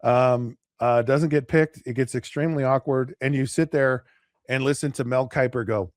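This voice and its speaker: A man co-hosting a casual sports talk show, rambling with many restarts and acting out players and pundits in quick asides. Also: mid-range voice, no echo, studio quality. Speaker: podcast co-host.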